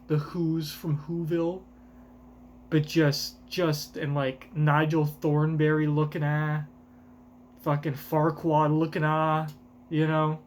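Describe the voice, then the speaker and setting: A man streaming a live reaction, with excitable, profane, rambling commentary. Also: a little high, slight background noise.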